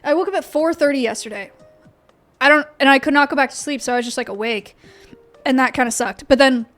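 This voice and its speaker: A woman's voice: sits high, quick pace, fairly bright tone, faint music behind. A young woman streaming from her home office, chatting with her viewers in a rambling way full of fillers and restarts. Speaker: livestreamer. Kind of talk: casual chat with stream chat.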